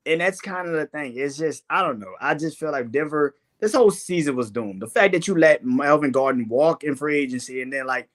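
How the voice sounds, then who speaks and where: A man's voice: a little high, fairly quick, hardly any pauses. A young man on a sports show, ranting in casual, profane talk and laughing often.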